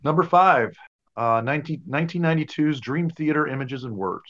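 A man's voice: a little high, expressive, brisk, fairly bright tone. Blunt man on a dull, lo-fi line. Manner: blunt, opinionated. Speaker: podcast co-host. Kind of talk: casual chat.

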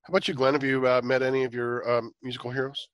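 Fast-talking profane male podcast host. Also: mid-range voice, little pitch movement, no echo. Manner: fast, profane anecdote telling. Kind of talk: casual podcast chat.

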